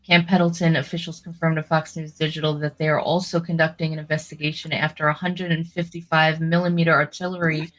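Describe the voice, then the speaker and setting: A woman co-hosts a political talk show podcast, chatting casually with many "you know" fillers and reading news stories aloud. Her voice sits low and fairly bright, delivered flatly and fast.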